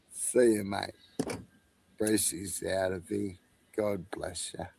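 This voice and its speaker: A man's voice: low voice, gravelly, background noise. A man with an Australian accent, chatting on a live stream in a laid-back, rambling way, swearing and chuckling often. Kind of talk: casual rambling chat.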